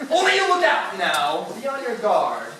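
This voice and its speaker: Student doing a smug bossy old-style mayor, lively up-and-down delivery, echoey hall, mic far off. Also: mid-range voice. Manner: gloating, declamatory, bursts of laughter. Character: pompous gloating male town mayor. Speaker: student actor. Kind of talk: amateur school stage acting. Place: school stage.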